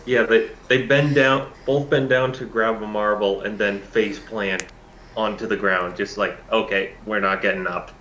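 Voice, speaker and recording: A man plays a tabletop game, slowly and hesitantly describing his character's moves as he thinks aloud. His voice sits on the low side, and the room adds a noticeable echo with a faint hiss. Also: steady tone, fairly bright tone. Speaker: player.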